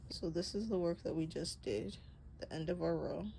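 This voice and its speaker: A young woman hosts a casual crochet tutorial, chatting through the basics in a fairly low voice with vocal fry at normal speed. She's relaxed, corrects herself with little laughs, and breathes heavily into a close mic on a rough recording with some hiss or hum.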